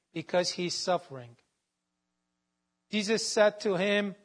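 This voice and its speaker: High-voiced man teaching slowly on scripture. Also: fairly bright tone. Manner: measured, quotes scripture verses with references. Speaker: Bible teacher. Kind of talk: slow devotional Bible teaching.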